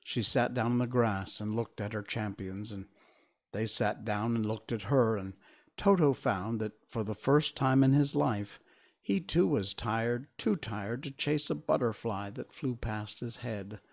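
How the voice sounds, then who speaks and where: A man reading a storybook aloud as a stream host, in an unhurried, expressive manner. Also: mid-range voice, creaky. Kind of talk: storybook narration.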